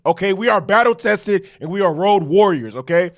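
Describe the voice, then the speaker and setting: A man's voice: sits high, expressive, brisk, vocal fry, hardly any pauses, fairly bright tone. A man giving a casual fan reaction to his team's win, talking in hyped, profane, rambling bursts and tagging points with "okay?". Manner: hyped, repeats "okay?" for emphasis; profane, self-correcting rambles. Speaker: sports fan commentator.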